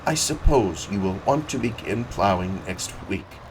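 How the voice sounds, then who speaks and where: A man's voice: fairly low pitch, measured pace. Unruffled, placating railroad man, speaks evenly, read by a male narrator; mic a bit distant, faint background hum. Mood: smooth. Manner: calm, placating. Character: calm, smooth-talking male railroad agent.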